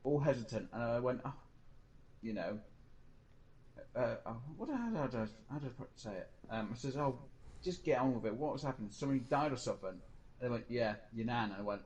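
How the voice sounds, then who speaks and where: A man's voice: medium pitch, lively intonation, a little fast, a little mellow, low-quality recording. A man streaming a game, rambling through a personal story in casual chat and mimicking other people's lines. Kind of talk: casual chat while gaming.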